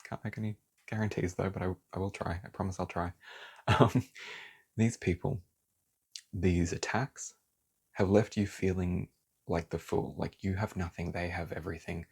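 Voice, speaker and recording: A man's voice: low voice, steady tone, normal speed, pauses often, a little mellow, breathy edge. A man giving a casual tarot reading, talking heatedly, swearing and then apologizing for it. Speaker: tarot reader.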